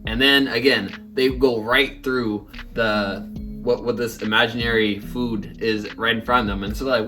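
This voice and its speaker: A man's voice: medium pitch, fairly even intonation, normal speed, over music. A man co-hosting a casual chat, retelling a comic chapter and acting out the characters' lines. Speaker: co-host.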